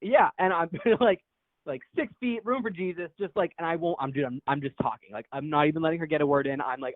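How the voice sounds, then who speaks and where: A man's voice: fairly high pitch, animated, a little fast, no echo. A young man calling in, telling a rambling, profane story and laughing as he goes. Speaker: caller. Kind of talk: casual storytelling. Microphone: phone. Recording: tinny phone line, dry.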